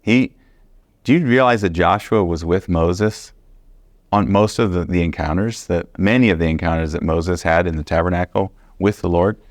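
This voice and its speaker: A man teaching a Bible study sermon, earnest and animated, stressing points by repeating them. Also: deep voice, moderate pace, dry recording, studio quality. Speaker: preacher.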